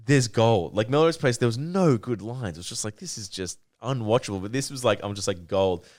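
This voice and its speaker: A man co-hosting a podcast in casual chat, animated and swearing freely, acting out scenes in put-on voices. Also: lowish voice, a little fast. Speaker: podcast co-host.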